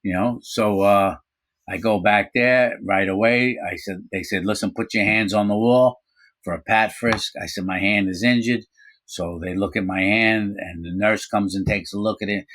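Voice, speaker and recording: A middle-aged man casually telling a story from his own life, animated, acting out quoted voices, with frequent fillers. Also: on the low side. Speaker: storyteller recounting his prison time.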